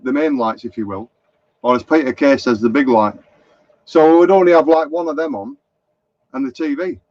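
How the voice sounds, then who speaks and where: This Lancashire man runs a motorhome vlog and rambles chattily through a live stream, sharing stories and reading viewers' comments aloud. His fairly high voice has a slightly mellow quality. The audio is dull, lo-fi and dry.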